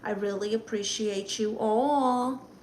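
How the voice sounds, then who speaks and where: A woman's voice: medium pitch, fairly even intonation, slow pace, darkish tone, slight background noise. A woman with a Brooklyn accent hosting a comedic phone live stream, reading chat comments in a brash, sassy manner. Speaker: livestream comedian.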